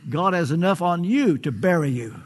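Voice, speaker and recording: A man's voice: high-pitched, expressive, moderate pace. An older man preaching a sermon, earnest and pleading, stretching out phrases for emphasis.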